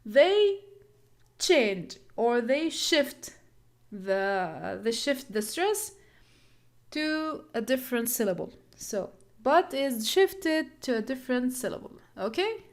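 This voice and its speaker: Woman, English teacher, slow deliberate delivery, fairly high voice, repeats points. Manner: slow, repeats key points, playful nicknames for terms. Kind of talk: explaining lesson material.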